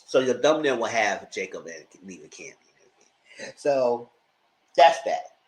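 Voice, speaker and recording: A man's voice: measured pace, low-quality recording. A man giving a casual, dramatic recap of a reality TV episode, acting out quotes and laughing often. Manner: animated storyteller, acts out quotes with high-pitched outbursts. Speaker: TV show reviewer.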